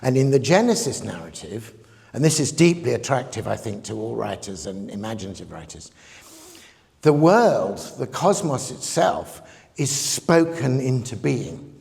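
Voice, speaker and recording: A man's voice: medium pitch, big pitch swings, unhurried, creaky, darkish tone. A man giving a public lecture in a reflective, digressive way, often chuckling at his own points. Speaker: guest lecturer. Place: conference hall. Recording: long reverb of a lecture hall.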